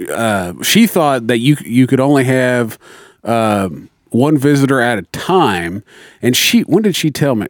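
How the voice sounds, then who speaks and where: A man's voice: mid-range voice, no room sound. A man telling a story among friends, swearing freely and acting out both sides of the exchange. His voice sits in a middle range and sounds close and dry, with no room around it. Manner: profane, animated storytelling with quoted dialogue. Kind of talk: casual chat.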